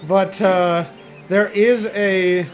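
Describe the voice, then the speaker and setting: A man's voice: high-pitched, steady tone, very slow, faint music behind. A man streaming and chatting casually, rambling and interrupting himself while he talks. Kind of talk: casual chat while gaming.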